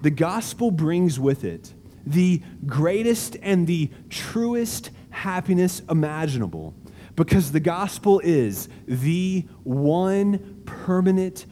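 A man preaching a sermon in a large auditorium, slow and deliberate with emphatic stresses and dramatic pauses. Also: high voice, big pitch swings, warm tone, in a large hall, slight background noise. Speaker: pastor.

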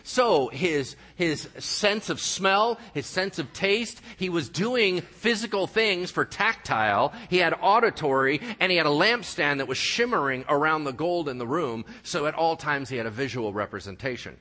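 A male pastor delivers an animated, joking sermon to his congregation. His voice is bright and forward, and it rings out with the long reverb of a church hall. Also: on the high side, moderate pace, few pauses. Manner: animated, jokey, talks to the congregation.

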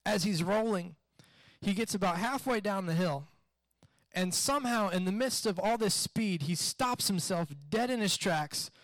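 A high-pitched man delivers a sermon in an animated storytelling way, slipping into acted-out voices. The recording is dry and close, with no room sound. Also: unhurried, no echo. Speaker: pastor.

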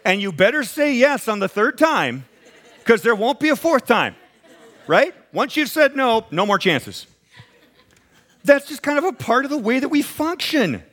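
This is a man preaching a sermon. His voice sits high and swings all over the place as he tells stories in a conversational way. He acts out the voices of the people in his stories. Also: measured pace. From American Midwest. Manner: animated storytelling, acts out quoted voices, chuckles. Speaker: pastor.

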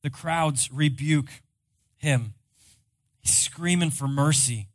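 Guy preaching a sermon, takes his time, dry close sound, goes loud then quiet. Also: on the high side, takes it slowly, long pauses, dry recording. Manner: dramatic storytelling, swings from loud to hushed. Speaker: pastor.

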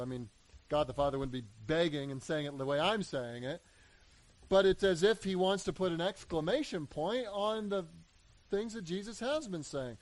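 A man preaching a sermon, animated, acting out voices in the story and building to emphatic peaks. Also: on the high side, normal speed, low-quality recording. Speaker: pastor.

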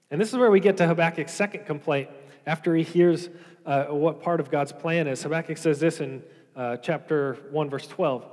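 A pastor preaching a sermon, earnestly reading scripture aloud and explaining it. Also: male voice, a little high, a little mellow, big-room sound.

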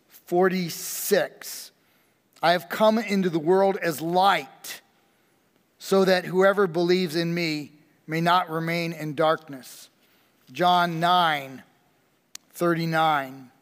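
Male pastor, high voice, unhurried sermon delivery, reverberant church hall. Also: a bit bright. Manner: slow, emphatic preaching with dramatic pauses.

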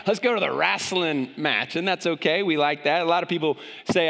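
High-voiced joking man preaching. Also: normal speed, creaky, fairly bright tone. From moved to Tennessee. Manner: joking, folksy storytelling. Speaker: pastor. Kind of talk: sermon. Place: church sanctuary. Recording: long hall reverb.

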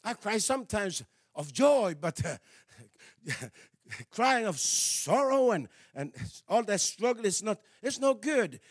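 In a dry, clean studio recording, a man with a voice that sits high preaches a sermon with energy. His delivery ranges from quiet asides to shouts, marked by halting repetition and slightly non-native wording.

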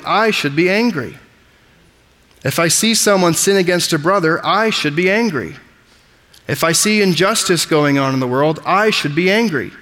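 A man's voice: on the high side, a bit bright, in a large hall. A man preaching a sermon with emphatic delivery, explaining scripture word by word. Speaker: pastor.

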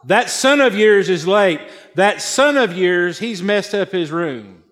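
A man's voice: sits high, animated, slow, a bit bright, in a large hall, heavily acted. A man voicing a complaining wife who scolds her husband about their children. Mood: exasperated. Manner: complaining, exasperated.

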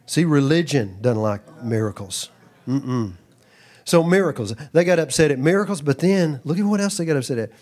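Animated man preaching a sermon. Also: on the high side, normal speed. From Texas. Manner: animated, acts out quoted voices, breaks into asides.

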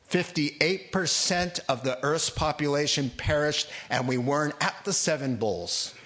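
A man's voice: fairly high pitch, a little slow. A man preaching a sermon, telling Bible stories with humor and acting out the voices of the figures in them. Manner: animated storytelling, puts on voices for biblical figures, laughs often. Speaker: pastor.

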